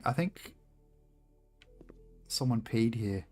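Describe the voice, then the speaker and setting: Young aussie streamer bloke, jokey and sweary, faint music behind. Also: male voice, medium pitch, sing-song, takes it slowly, pauses often, a little mellow. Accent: Australian. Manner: loose and joking, swears freely, laughs often. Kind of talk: casual gameplay commentary, chatting with viewers.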